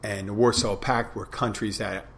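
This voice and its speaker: A man's voice: fairly low pitch, steady tone, moderate pace, creaky, a bit bright. A middle-aged man hosting a podcast, talking through a reflective, rambling monologue with frequent restarts. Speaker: podcast host. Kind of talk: casual monologue.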